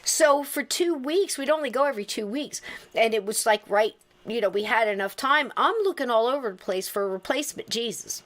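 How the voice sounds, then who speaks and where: Animated, high-voiced woman podcast host. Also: brisk. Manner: animated, laughs through stories. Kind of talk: casual storytelling chat.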